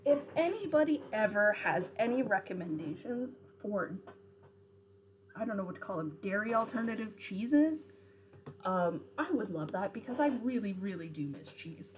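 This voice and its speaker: A woman's voice: mid-range voice, sing-song, moderate pace, muffled recording. A young woman streamer in casual chat, rambling with lots of fillers and answering viewer comments. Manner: rambling, chatty, with frequent fillers and self-corrections.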